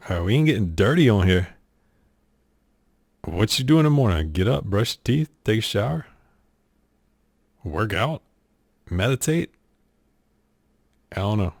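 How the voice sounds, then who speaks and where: A streamer from the southern United States with a South Carolina accent reads quiz questions aloud for a casual accent-tag challenge. He answers them in a dry, sarcastic, exasperated way. His voice is fairly low and a little mellow, with no room sound.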